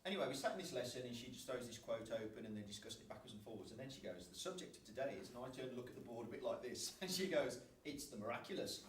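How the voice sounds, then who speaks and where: A man telling a lively personal story at a church gathering, laughing often. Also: medium pitch. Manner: animated, laughs often, fast and chatty. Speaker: church member sharing a story. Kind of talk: casual storytelling testimony. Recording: echoey hall from a distance, faint noise.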